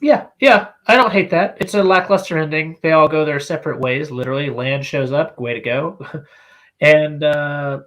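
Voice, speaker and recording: A man's voice: on the high side, moderate pace, a bit bright. A man co-hosting a podcast in casual chat, making crude, profane jokes and rambling with fillers. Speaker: podcast co-host.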